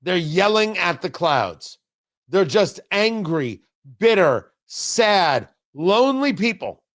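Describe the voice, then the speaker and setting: A man's voice: high-pitched, very animated, slow pace, a bit bright. A male radio talk show host giving opinionated political commentary from the studio, full of sarcastic, riffing asides.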